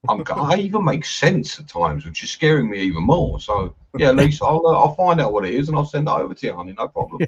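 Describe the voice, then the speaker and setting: A man guest, excitable and rambling, repeating his words. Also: fairly high pitch, quick pace, hardly any pauses, husky. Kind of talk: casual chat. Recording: muffled lo-fi mic.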